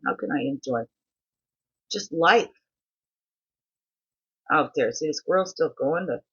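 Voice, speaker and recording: Man, high voice, tired, rambling reflection, lots of questions, dull lo-fi sound. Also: slightly rough. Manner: musing, asks many questions, quotes others in animated voices. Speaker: host of a daily reflection video.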